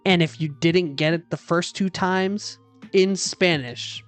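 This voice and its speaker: A woman's voice: low voice, measured pace, faint music behind. A woman streamer telling a story in a casual chat stream from a hotel room, exasperated and dramatic, swearing freely.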